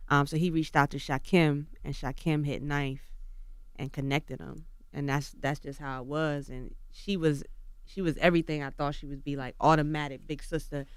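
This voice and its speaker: A woman's voice: low voice, fairly even intonation, normal speed, clean tone, no echo. A woman rapper as a guest on a radio morning show, chatting casually and telling stories in laid-back slang. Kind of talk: casual interview chat. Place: radio studio.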